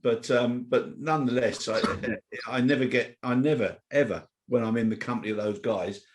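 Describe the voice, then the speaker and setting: A man's voice: medium pitch, normal speed, background noise. A middle-aged man co-hosting a casual chat show, reading out news and telling anecdotes in a chatty way. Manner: chatty, storytelling, reads news headlines aloud. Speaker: co-host of a weekly chat show.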